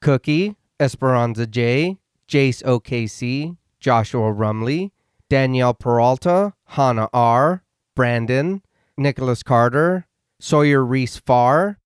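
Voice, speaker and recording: A man's voice: mid-range voice, slow, smooth, dry recording, studio quality. A man co-hosting a horror podcast, steadily reading out a long list of supporters' names. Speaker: podcast co-host. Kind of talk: reading a patron thank-you list.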